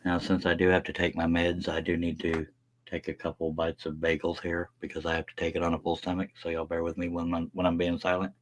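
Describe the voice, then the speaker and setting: A low-voiced man talks a little fast with completely flat delivery while live-streaming from his workshop, drawing a scroll saw pattern and chatting folksily with plenty of "y'all." There's no room sound.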